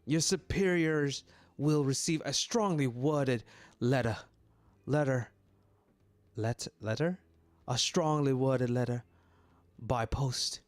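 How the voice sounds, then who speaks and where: A man voicing a fussy, indignant older gentleman in a game, attempting a British accent. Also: mid-range voice, slow pace, long pauses, dry recording, close to an everyday voice. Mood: huffy. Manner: pompous, indignant. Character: fussy older gentleman obsessed with Victorian fashion. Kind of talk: reading a dating-game script aloud.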